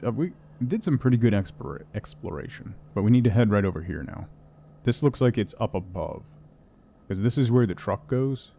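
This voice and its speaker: A man with a dark, gravelly voice chatting casually while he plays a game on stream. His pitch swings freely as he talks to his cat and his viewers. A faint noise sits under the voice. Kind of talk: casual gameplay commentary.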